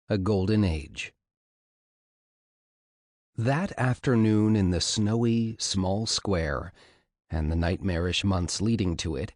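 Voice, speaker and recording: A man narrating a first-person memoir audiobook in a measured, scripted storytelling manner. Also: on the low side, a little mellow, no echo, studio quality.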